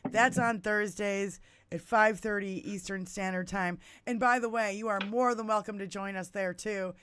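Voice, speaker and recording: A woman hosting a podcast, talking in a blunt, loud, heavily swearing way, with her lips close to a musician's mic in a home studio. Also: medium pitch, fairly even intonation, normal speed, a little hiss or hum. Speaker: podcast host. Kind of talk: casual political chat. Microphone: musician's mic held close.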